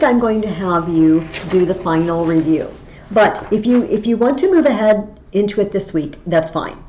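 A woman's voice: mid-range voice, warm tone, a little hiss or hum. A woman teaching a Latin lesson online, explaining patiently step by step. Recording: slightly dull lo-fi audio with faint ambience.

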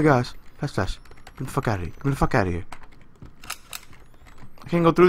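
A young man commentating a horror game, jumpy and swearing constantly, yelling and laughing when startled. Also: mid-range voice, very animated, brisk, pauses often. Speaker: gamer.

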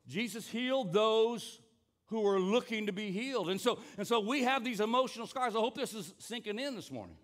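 A man's voice: sits high, lively intonation, fairly quick. A man preaching a sermon as pastor, emphatic, often repeating words and urging the congregation to join in. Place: church service.

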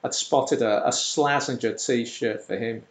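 Dry, rambling comedian. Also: male voice, mid-range voice, steady tone, a little slow. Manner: dry, rambling, self-deprecating. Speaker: comedian podcast host. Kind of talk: comic storytelling monologue. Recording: roomy echo.

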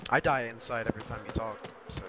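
Man co-player, mid pitch, sarcastic and bossy, clear background noise. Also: fairly even intonation, fast. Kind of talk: casual gaming chat.

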